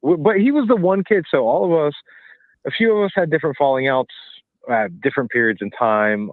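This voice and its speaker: A man's voice: fairly low pitch, no echo. Rambling man on a tinny phone line. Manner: rambling, loose, with filler words. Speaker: caller being interviewed. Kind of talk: phone interview.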